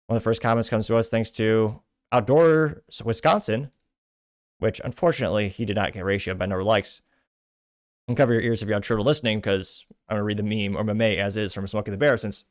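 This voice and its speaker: A man from Texas hosting a political commentary show, reading posts aloud with quick, opinionated asides. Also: fairly low pitch, dry recording, clean studio sound. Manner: quick, opinionated, frequent restarts. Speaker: host.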